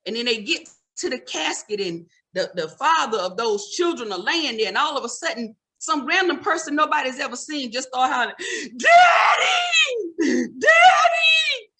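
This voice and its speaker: A woman's voice: sits high, lively intonation, fairly quick, hardly any pauses, sharp tone. A middle-aged woman doing a stand-up comedy routine, scolding the audience in a sassy, conversational way.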